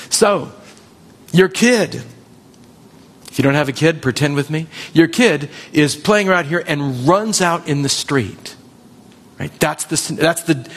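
Husky man preaching in a reverberant hall. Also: fairly high pitch. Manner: animated, acts out quoted voices. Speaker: pastor. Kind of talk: sermon. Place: church hall.

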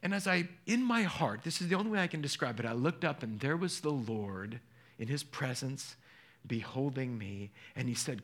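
A man pastor preaching a sermon, telling a personal story in an earnest, emotional way and dropping to hushed tones. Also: on the high side, animated, brisk. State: choked up.

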